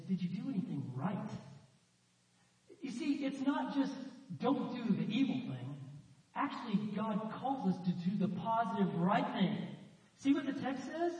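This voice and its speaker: A man preaching a sermon with animated storytelling, acting out the voices in his stories. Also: high voice. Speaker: pastor. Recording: echoey hall from far off, dull sound.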